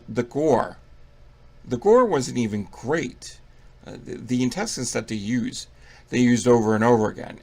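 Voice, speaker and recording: A man's voice: mid-range voice, vocal fry. A young man giving a casual movie review, profane, rambling and mocking.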